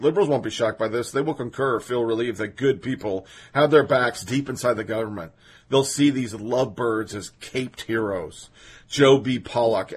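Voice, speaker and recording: A male podcast host giving political commentary in a slightly husky voice at an ordinary pitch. He reads quotes aloud and breaks in with sarcastic, indignant asides.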